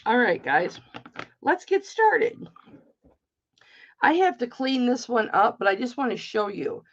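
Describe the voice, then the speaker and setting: A middle-aged woman with a voice on the high side hosts a live jewelry auction, very animated but at a measured pace. She chats casually as she sells, swears freely and welcomes viewers by name, over dull lo-fi stream audio with a little hiss or hum.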